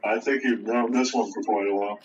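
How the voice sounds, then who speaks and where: A man's voice: fairly low pitch, fairly even intonation, a little fast, muffled recording. A man streaming with puppets, chatting in a crude, offhand, joking way with mumbled asides. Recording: distant mic with faint noise.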